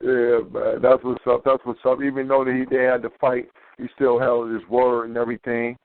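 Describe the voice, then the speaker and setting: A man's voice: medium pitch, monotone, fairly quick. A man hosting a casual talk radio show, loose and slangy, repeating his phrases. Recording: tinny phone line.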